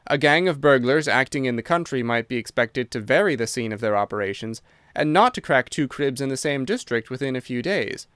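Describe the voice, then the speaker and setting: A man voicing a sharp, dry-witted male detective who speaks in a measured, thoughtful way. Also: medium pitch, expressive, clean tone, no room sound, lightly acted. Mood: musing.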